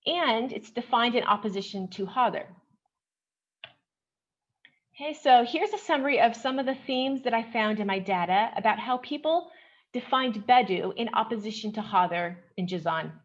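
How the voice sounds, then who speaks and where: A woman's voice: on the high side, muffled recording. Woman giving an academic paper presentation. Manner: measured, explanatory, often starts sentences with "okay". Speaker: conference presenter, researcher.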